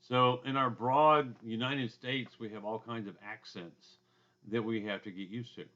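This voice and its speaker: A man with a loud booming voice and a drawl, giving a casual recorded lecture from his home basement, with asides and throat clearing. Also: steady tone, a little slow, muffled recording. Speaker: instructor.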